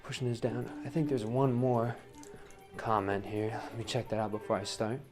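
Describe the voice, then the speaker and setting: A man's voice: on the low side, level tone, normal speed, over music. A man demonstrating wheel throwing on a livestream, talking casually, counting his pulls aloud and asking "right?" a lot. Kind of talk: live-streamed pottery demo. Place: pottery studio at the wheel.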